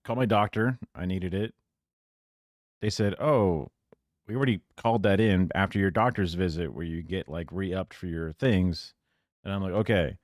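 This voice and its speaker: Low voiced guy grumbling about an errand, tired, dry close sound. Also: moderate pace, no room sound. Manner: weary, complaining storytelling. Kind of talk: casual chat.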